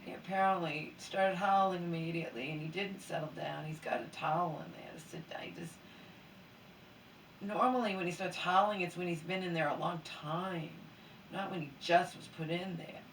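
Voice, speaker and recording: A woman's voice: fairly low pitch, fairly even intonation, normal speed. A sleepy, mildly hungover woman venting in a rambling late-night chat that often sinks to a near whisper. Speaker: vlogger. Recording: roomy echo, mic at a distance, faint background hiss.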